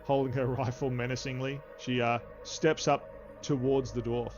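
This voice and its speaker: A man narrates as game master of a tabletop game, his mid-range voice level in tone but broken by frequent halting fillers. The recording is slightly dull, with faint music underneath.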